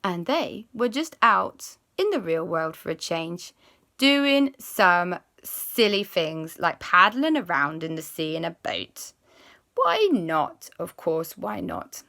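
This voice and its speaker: A woman's voice: on the low side, very animated, sharp tone. A woman improvising a children's story as its host, chatty and playful. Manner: playful, chatty, with drawn-out hums.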